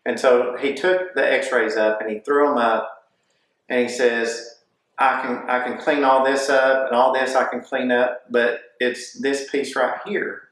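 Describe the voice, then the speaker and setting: A man telling a personal testimony, lively and acting out the voices of others as he recounts events. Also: mid-range voice, unhurried. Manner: animated, acts out what people said. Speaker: testimony speaker. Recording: echoey room.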